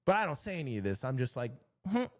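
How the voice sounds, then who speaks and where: A man streaming, telling a story in a casual, animated and exasperated way. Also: mid-range voice, rapid-fire.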